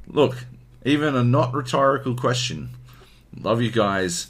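A man's voice: mid-range voice, a little slow. An Australian man from Queensland co-hosting a podcast in casual chat, often swearing and ranting. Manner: swears a lot, animated ranting. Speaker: podcast co-host.

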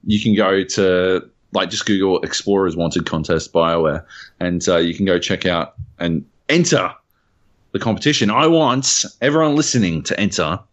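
A man's voice: low voice, moderate pace. An Australian man hosting a podcast in casual chat, rambling with many fillers and swearing. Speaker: podcast host. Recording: dull lo-fi podcast audio.

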